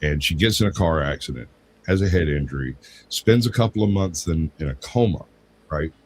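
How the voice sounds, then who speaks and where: A man with a rumbling low, slightly mellow voice and a breathy edge co-hosts a casual talk show podcast. Speaking fairly quickly with lively intonation, he tells long rambling anecdotes and acts out the people in them. The recording is low quality.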